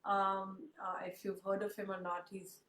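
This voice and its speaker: A woman's voice: medium pitch, completely flat delivery, moderate pace. A woman hosting an interview, talking in an earnest, reflective way and rambling with many fillers. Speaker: interview host. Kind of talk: casual conversational interview. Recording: roomy sound with faint background noise.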